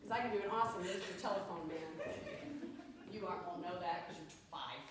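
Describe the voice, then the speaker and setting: A woman's voice: on the low side, fast talker. A woman vocal coach coaching a singer, playful and teasing but encouraging, sometimes singing lines to show how. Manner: breaks into sung demonstrations. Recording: echoey room, mic far off, faint noise.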